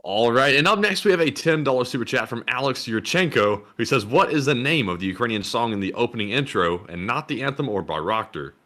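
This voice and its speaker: A man's voice: medium pitch, expressive, brisk, hardly any pauses, pushed and bright. A man co-hosting a live stream in casual chat, reading out donor names and their messages. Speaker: co-host reading donations.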